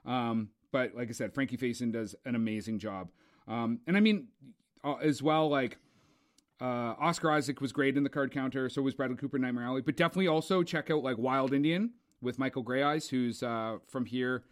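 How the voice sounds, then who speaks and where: A man's voice: medium pitch, a little fast. A man chatting casually about film awards, rambling with lots of fillers. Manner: rambling, filler-heavy, enthusiastic. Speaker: co-host.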